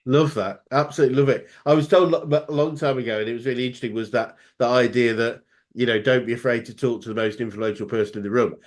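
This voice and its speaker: A man's voice: mid-range voice, steady tone, quick pace. A man hosting a business interview, enthusiastic and full of false starts and repeated words as he responds. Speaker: interview host, business coach. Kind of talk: casual interview chat.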